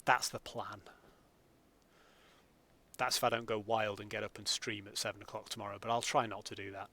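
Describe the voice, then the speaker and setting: A man's voice: on the low side, level tone, a little fast, pushed and bright. A man, chatting casually with viewers during a live gameplay stream from home. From England. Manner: chatty, greets viewers by name.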